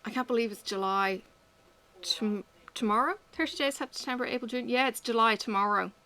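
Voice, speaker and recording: Bright-voiced woman, candid ramble. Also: a little high, normal speed. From Australia. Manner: rambling, candid, swears freely. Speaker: vlogger. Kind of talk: casual chat while working.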